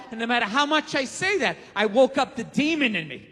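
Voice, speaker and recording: A man's voice: extremely high pitch, animated, fast, fairly bright tone, big-room sound. A man in his forties doing a stand-up comedy set, ranting and profane, with sarcastic asides. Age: 40s. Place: comedy stage.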